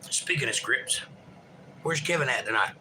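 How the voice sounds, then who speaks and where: A man's voice: mid-range voice, lively intonation, normal speed, sharp tone, a little hiss or hum, low-quality recording. A man hosting a livestream, reading viewer chat aloud and chatting in a rambling, folksy, joking way.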